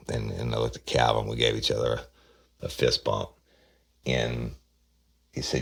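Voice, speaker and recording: A man's voice: rumbling low, steady tone, moderate pace, creaky, pauses often. A man, a former detective telling a case in a blunt, profane, tough-talking way. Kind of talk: casual true-crime storytelling.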